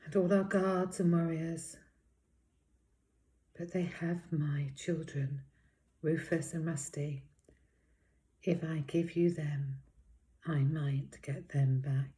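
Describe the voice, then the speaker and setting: A frightened, widowed lady rabbit from a storybook, voiced by a woman reader. She speaks quietly, her voice shaky and close to tears. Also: low voice, fairly even intonation, takes it slowly, long pauses. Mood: sorrowful.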